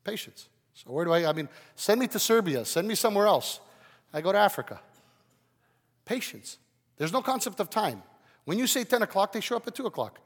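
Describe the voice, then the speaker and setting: A man preaching a sermon with great energy, his volume swinging from loud to quiet. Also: high-pitched, big pitch swings, brisk, husky, long reverb tail. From Canada. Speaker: pastor.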